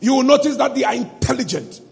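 A man preaching a sermon to a congregation in a church, repeating phrases and building up to shouts. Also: extremely high pitch, expressive, quick pace, vocal fry. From Ghana. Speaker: pastor.

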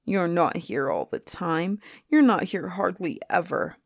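Fussy, gabbling griffin, read by a woman, low and dry. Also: animated, a little slow, creaky, no echo, heavily acted. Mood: grumbling. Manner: gabbling, grumbling complaints. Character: lonely five-headed male griffin, fussy and excitable.

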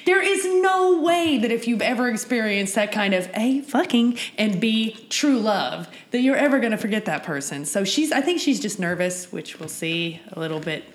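A woman casually recapping a TV episode with a co-host, laughing often and swearing freely in an animated retelling. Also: fairly high pitch, moderate pace, few pauses, echoey room. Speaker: podcast co-host.

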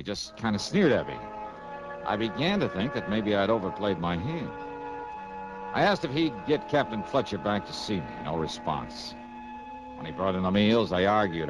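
An actor playing a laconic, wisecracking male investigator who narrates a 1950s radio drama. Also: fairly low pitch. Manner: laconic, wry, casual. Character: wisecracking male insurance investigator, cool and ironic. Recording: noisy vintage radio broadcast.

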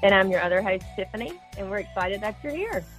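A woman's voice: medium pitch, expressive, fast, fairly bright tone, soft background music. A middle-aged woman with an Alabama Southern accent, co-hosting a podcast in casual, rambling, joking chat. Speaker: podcast co-host. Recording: tinny phone-like line, dry.

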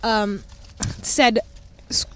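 A woman's voice: medium pitch, fairly even intonation, drawn-out words, fairly bright tone, slight background noise. Playful young woman in a band. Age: young adult. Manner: playful, laughs often. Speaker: band member. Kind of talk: casual group interview.

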